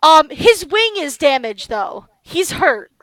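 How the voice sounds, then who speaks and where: A woman narrating a tabletop game as game master, excited and halting as she speaks. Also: sits high, no room sound.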